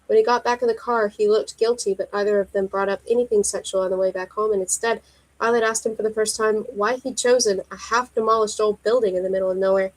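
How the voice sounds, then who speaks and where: A woman reading her own romance story aloud in a steady, even voice. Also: mid-range voice, fast, rough recording.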